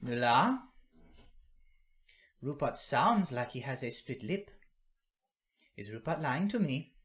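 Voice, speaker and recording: A warm, measured old grandmother who feeds the street children, gentle but sharp when scolding, as a man puts her on. Her voice sits noticeably higher and slower than a man's usual talk. Heard in a tabletop game. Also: sing-song.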